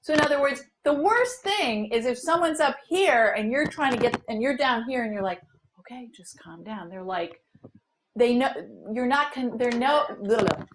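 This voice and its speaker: A woman running a workshop as trainer, explaining ideas to a group in an animated, conversational way. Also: high voice, moderate pace, a little hiss or hum, poor audio. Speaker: diversity trainer. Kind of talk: workshop facilitation.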